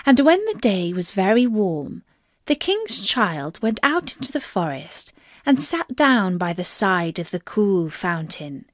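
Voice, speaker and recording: Female storybook narrator for learners, slow and deliberate, dry close sound. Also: mid-range voice, big pitch swings, no room sound.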